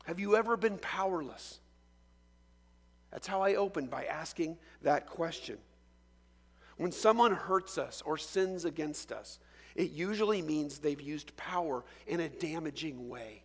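A man's voice: fairly high pitch, unhurried, breathy edge, big-room sound. A man pastor preaching a sermon, telling the story with energy and asking many rhetorical questions.

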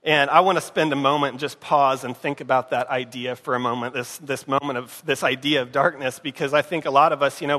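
A man preaching a sermon in a conversational way, often dropping to a hushed voice and asking the congregation if they are following. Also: mid-range voice. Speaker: pastor. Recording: long hall reverb.

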